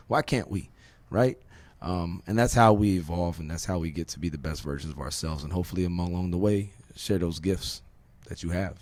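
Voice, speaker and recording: Dry recording of a deep, darkish-toned man speaking at a normal pace. He hosts a podcast out of Virginia, chatting casually but emphatically, wandering off topic, swearing and asking rhetorical questions.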